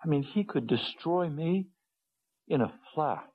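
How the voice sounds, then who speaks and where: Man preaching a sermon, slow and earnest, goes quiet and low then pleads, kinda muffled recording. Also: lively intonation, husky. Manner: earnest, wide swings between low hushed and raised pleading tones.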